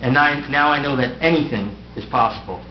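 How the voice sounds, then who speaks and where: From the council dais, a departing middle-aged mayor reads a prepared farewell, his humor dry and aimed at himself. His voice is mid-range and fairly quick. Noise, echo and a dull sound fill the room recording.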